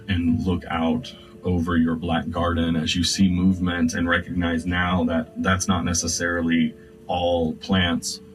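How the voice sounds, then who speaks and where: A man narrating scenes as game master of a tabletop game, describing them slowly with many fillers. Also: deep voice. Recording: distant mic with faint music.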